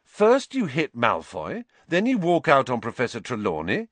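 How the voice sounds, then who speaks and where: A man's voice: mid-range voice, wildly swooping pitch, moderate pace, no room sound, pitched above the performer's own voice. A man voicing a blunt teenage schoolboy who sounds exasperated and incredulous.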